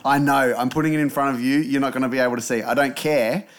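A man's voice: medium pitch, steady tone, fast. A man in a casual chat, agreeing, laughing and adding his own take on the story.

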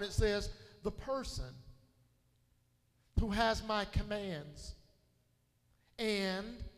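A man pastor preaching a sermon in a church, leading call-and-response and building to shouts. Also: high-pitched. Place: church sanctuary. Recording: long hall reverb.

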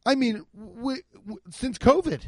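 A man doing a casual comedic rant, profane and excitable, acting out the voices of people he quotes, on a handheld mic. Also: very high-pitched, slow, no echo. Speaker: stand-up comedian. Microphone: handheld microphone.

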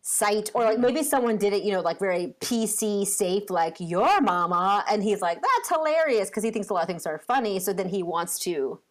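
A woman's voice: medium pitch, brisk, few pauses, darkish tone. A woman in her thirties, a podcast co-host and parent, chatting casually and telling a story with lots of fillers. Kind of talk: casual chat.

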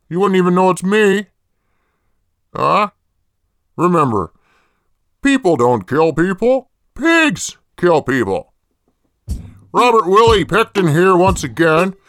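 A man playing a creepy jailed male killer in a comedy parody ad, rambling deadpan and swearing a lot. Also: high-pitched, clear, resonant tone, no room sound, clean studio sound.

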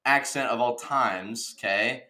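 Bright-voiced young Midwestern man. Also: medium pitch, a little slow. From American Midwest. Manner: excitable, jokey, says dude a lot. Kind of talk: casual podcast chat.

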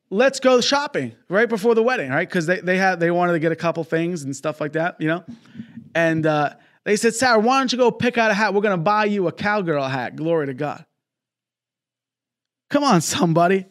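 A traveling male preacher telling a personal story and appealing for donations in a fervent broadcast sermon, often breaking in with praise. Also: on the high side. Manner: fervent, peppered with exclamations of praise; storytelling with quoted dialogue.

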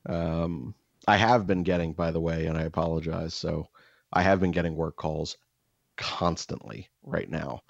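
A man co-hosting a podcast, telling a story in casual chat, animated and swearing as he acts out quotes. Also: sits low, moderate pace, vocal fry, no room sound, lo-fi sound. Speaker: podcast co-host.

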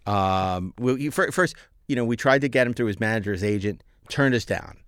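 A man's voice: lowish voice, smooth, no room sound, studio quality. A man, a filmmaker guest, telling a story in casual conversation with frequent restarts. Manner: rapid, animated storyteller with many restarts.

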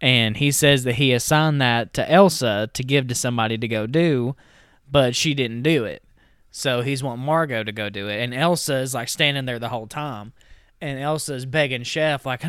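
A man co-hosting a podcast, casually retelling a movie plot with lots of fillers and quick quoted lines. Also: mid-range voice, fairly bright tone, clean tone, dry recording, clean studio sound. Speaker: podcast co-host.

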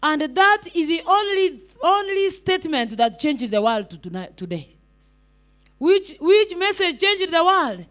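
A woman's voice: extremely high pitch, sing-song, measured pace, fairly bright tone. A woman evangelist preaching a sermon, repeating rhetorical questions and calling out to the congregation.

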